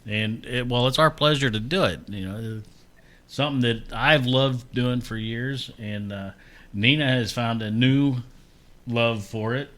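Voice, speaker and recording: Bright-voiced male host in casual chat. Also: medium pitch, measured pace. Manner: friendly, joking, some restarts. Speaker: host, runs a radio and TV station.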